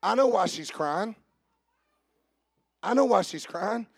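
His voice sits high, creaky and husky yet expressive, as he preaches an Easter sermon in church. He jokes softly with the congregation, then works up to loud, drawn-out preaching.

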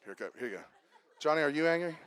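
A man preaching a sermon as pastor, lively and interactive, calling on his congregation to answer and come up front. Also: on the high side, fast, no echo, some chatter behind. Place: church.

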